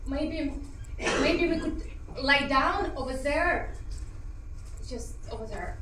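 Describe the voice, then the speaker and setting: A woman's voice: high voice, a bit bright. A woman acting a frightened young female soldier, speaking hesitantly in an amateur drama. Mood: tender. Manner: hesitant, halting. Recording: echoey, distant, faint noise.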